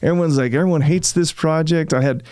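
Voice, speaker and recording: A man, a real estate developer being interviewed, telling his story in a casual, animated way and often acting out what he said at the time. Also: fairly high pitch, quick pace, clean tone, no echo, clean studio sound. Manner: animated, reenacts his own past remarks, frequent fillers.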